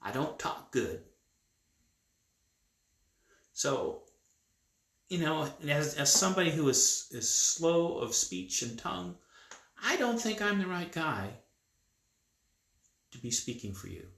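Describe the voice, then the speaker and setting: A man's voice: on the high side, very animated, takes it slowly, pauses often, a bit bright, pitched above the performer's own voice, heavily acted. A man putting on a hesitant, pleading Moses. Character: reluctant, nervous Moses, an adult man. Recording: echoey room.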